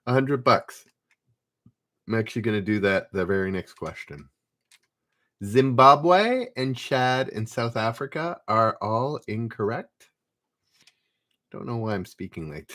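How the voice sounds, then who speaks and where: A man hosting a live trivia stream, reading questions aloud and chatting easily with viewers in the chat, laughing often. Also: mid-range voice. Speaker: trivia game host.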